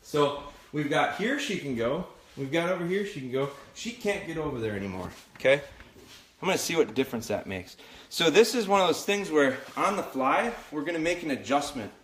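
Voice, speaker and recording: A man's voice: on the high side, lively intonation, fairly quick. A man working as a dog trainer, talking candidly to viewers during a live training demonstration in his home kitchen. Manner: candid, coaching viewers directly. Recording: echoey kitchen, faint noise.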